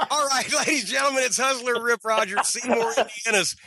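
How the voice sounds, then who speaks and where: A man's voice: extremely high pitch, steady tone, brisk, a crowd in the background. A man hosting a podcast interview, talking emphatically with strong opinions and the odd swear. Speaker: podcast host.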